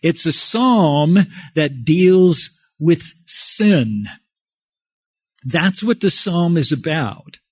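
A man's voice: on the high side, animated, very slow, husky, no room sound. A male pastor preaching a sermon in a folksy, conversational way, with self-deprecating humor.

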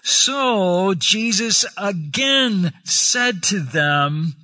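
A man's voice: high voice, animated, very slow, pushed and bright. A man preaching a sermon, reading scripture aloud and explaining it verse by verse.

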